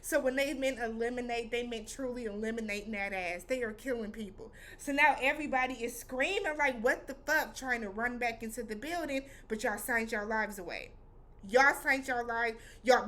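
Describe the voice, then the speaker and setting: A woman vlogger retells an episode in a loose, chatty way, full of slang and acted-out reactions. Her voice sits slightly high and stays animated throughout. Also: a little fast. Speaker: vlog host reviewing a TV episode. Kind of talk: casual recap vlog.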